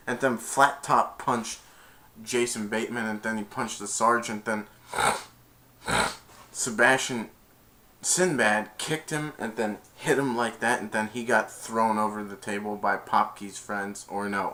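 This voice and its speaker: A man's voice: lowish voice, fairly even intonation, measured pace, bright, forceful tone. Rambling young man retelling a movie. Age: young adult. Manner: rambling, strings events with "and then". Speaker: movie reviewer.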